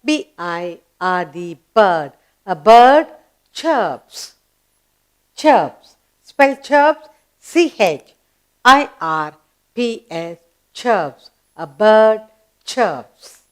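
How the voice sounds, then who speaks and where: A woman with an Indian English accent teaching a children's grammar lesson, spelling words out letter by letter in a slow teacherly voice. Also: medium pitch, sing-song, clean tone.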